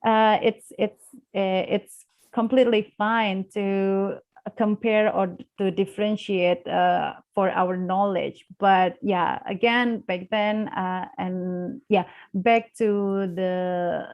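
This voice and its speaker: A woman's voice: medium pitch, steady tone, slow pace, dull audio. A young woman with an Indonesian accent, a guest speaker in a live online class, talking with many fillers and restarts.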